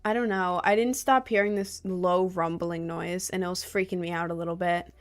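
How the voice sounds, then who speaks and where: A young woman from the United States who streams live, chatting casually and reading out viewer comments. She rambles through stories with lots of fillers and sudden lively outbursts. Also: on the low side, moderate pace. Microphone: desk mic, sometimes leaning close.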